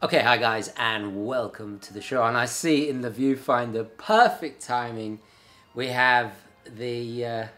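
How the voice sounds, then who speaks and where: A man presents his vlog outdoors. He has a genial, chatty delivery and a voice of ordinary pitch. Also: normal speed, hardly any pauses, fairly bright tone, faint music behind. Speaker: vlog host. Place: outdoors at palace grounds.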